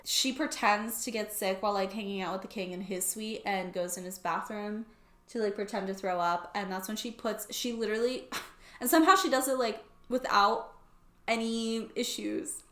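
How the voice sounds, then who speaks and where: A woman's voice: medium pitch, normal speed, a bit bright. Chatty young woman in an echoey room. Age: young adult. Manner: chatty and sarcastic, heavy use of "like". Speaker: book YouTuber. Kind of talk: casual book plot summary.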